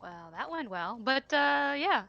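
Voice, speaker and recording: A woman's voice: high voice, sing-song, a little slow, creaky, sharp tone, muffled recording. A woman playing a tabletop game, chiming in with amused remarks. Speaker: player.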